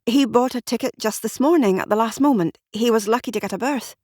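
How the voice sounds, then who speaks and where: A woman's voice: fairly high pitch, darkish tone, dry recording, studio quality, voice pushed up, natural voice. A woman voicing a flustered, jittery clerk. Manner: nervous, hurried. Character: flustered male shipping clerk.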